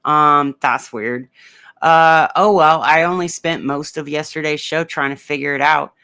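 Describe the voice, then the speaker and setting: A man walks through a weather map in a slow, unhurried delivery. His voice is bright and smooth, and it sits a little higher than most men's. He sounds close to a dry microphone, rambling playfully and filling gaps with ums. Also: steady tone, no echo. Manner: rambling and playful, with many fillers. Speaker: comedic weather host. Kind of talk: casual livestream weather commentary.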